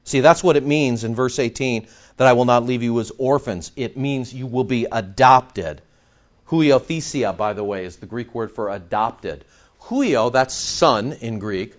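A man's voice: mid-range voice, a little slow. A man preaching an expository sermon, emphatic and full of rhetorical questions. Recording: dull lo-fi recording.

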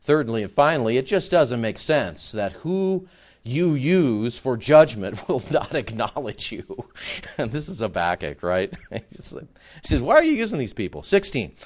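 A man preaching a sermon, animated and conversational, acting out other people's voices in his stories. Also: medium pitch, measured pace. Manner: animated, mimics voices in anecdotes. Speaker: pastor.

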